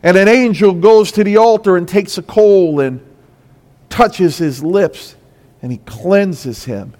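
A man with a high, bright-pitched voice preaches at a measured, unhurried pace. His delivery swells and falls with emphasis like a pastor in the pulpit. The sound carries a long reverb, as if in a large church sanctuary. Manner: impassioned preaching, voice rising and falling with emphasis. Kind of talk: sermon.

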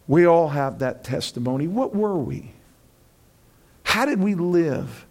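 Man preaching a sermon, animated, acts out friends' voices, fairly high voice. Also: a little slow. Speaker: pastor.

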